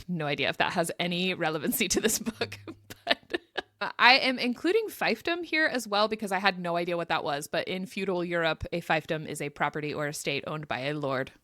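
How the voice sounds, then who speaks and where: A woman's voice: lowish voice, a bit bright, no echo, clean studio sound. A woman co-hosting a casual book podcast, chatty and giggly as she walks through names and terms. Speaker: podcast co-host. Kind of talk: casual podcast chat, reading a pronunciation guide.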